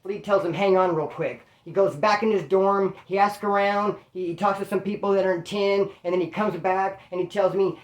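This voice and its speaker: A man's voice: high-pitched, moderate pace, few pauses, reverberant. A man casually telling a story in slangy street talk, acting out the voices of the people in it. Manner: slangy, animated, acts out quoted voices. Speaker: storyteller recounting prison life.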